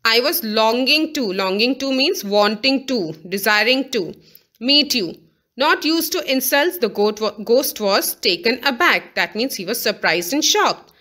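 Bright-voiced woman explaining a textbook chapter. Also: fairly high pitch, expressive, unhurried. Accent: Indian English. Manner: reads a line, then restates it and defines words. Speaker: English teacher.

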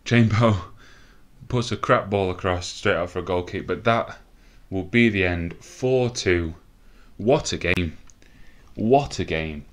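Guy, deep voice, super nervous commentating his football sim, swears a lot. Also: slow. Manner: nervous, swearing, laughing bursts. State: out of breath. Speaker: gaming commentator. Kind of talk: excited gameplay commentary.

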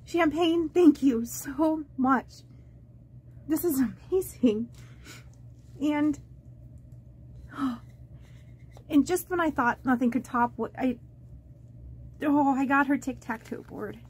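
Woman budgeting vlogger, high and unhurried, rambling with lots of ums, gushing unboxing chat. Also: a little mellow. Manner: halting and rambling, with many fillers and restarts; gushing and easily moved. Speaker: budgeting vlogger opening fan mail. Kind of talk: casual unboxing chat to camera.

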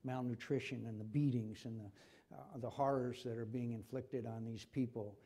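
Impassioned older man, husky and dark. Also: mid-range voice, fairly even intonation, moderate pace. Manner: impassioned, repeats himself when stirred. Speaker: senator. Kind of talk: forum conversation. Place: university forum hall.

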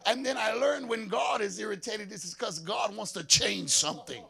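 A man preaching a fervent sermon as an apostle, often shouting and breaking into prayer in tongues. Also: high-pitched, normal speed, creaky, few pauses, crowd noise.

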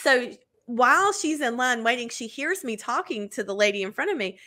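A woman co-hosts a casual podcast chat with a bright, slightly high voice. She tells stories at length, fills them with "like" and "you know", and jumps up in pitch when she acts out what people said. The talk is loose and conversational. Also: normal speed. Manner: animated storytelling, acts out quotes with big pitch jumps; many fillers like "like" and "you know". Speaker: podcast co-host.

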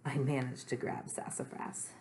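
A woman reading a children's chapter book aloud, gently and slowly, adding chatty asides to her listeners and at times dropping to a whisper. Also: rumbling low, flat delivery, a little hiss or hum. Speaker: reader. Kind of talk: storybook read-aloud for children.

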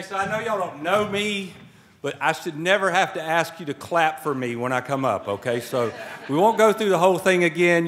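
A man's voice: medium pitch, a bit bright. Folksy man speaking at a podium. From Georgia. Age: middle-aged. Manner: folksy and joking, preacher-like asides. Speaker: guest speaker at a swearing-in ceremony. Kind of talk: informal ceremonial speech. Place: indoor event hall at a podium. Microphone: podium microphone.

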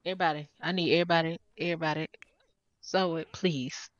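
A woman's voice: sits low, fast, no echo, lo-fi sound. A woman giving casual, exasperated gameplay commentary straight to her viewers. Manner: animated, exasperated, talks to viewers.

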